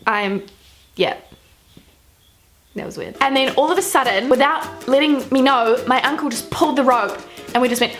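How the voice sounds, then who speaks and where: Young woman vlogging, high voice, chatty and giggly, faint music behind. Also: a bit bright. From New Zealand. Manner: chatty, self-mocking, giggly. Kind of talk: casual storytelling to camera.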